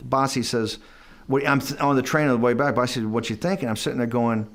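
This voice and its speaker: Quick-paced and a bit bright, a medium-pitched male voice belongs to an interview guest recounting a long anecdote. He rambles, restarts sentences, and introduces quotes with "I go."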